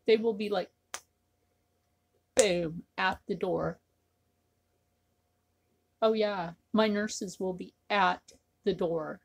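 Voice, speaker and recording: Woman vlogger, rambling casual talk to camera, husky, slow. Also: medium pitch, steady tone. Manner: rambling, repetitive, with many fillers.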